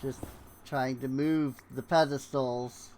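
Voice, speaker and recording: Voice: medium pitch, fairly even intonation, takes it slowly, a little mellow, a little hiss or hum. A streamer giving casual game commentary with chatty, self-deprecating asides.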